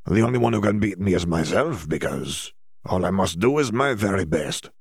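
A man's voice: deep voice, animated, moderate pace, vocal fry, husky, dry recording, clean studio sound, heavily acted. A man reading an audiobook voices an earnest young male student wizard who talks in stiff, formal phrasing with hesitations. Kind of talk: audiobook character voice.

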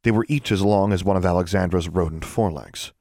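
A man narrating a story in a steady, even storytelling manner. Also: low-pitched, quick pace, no room sound, clean studio sound. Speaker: audiobook narrator. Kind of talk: scripted narration.

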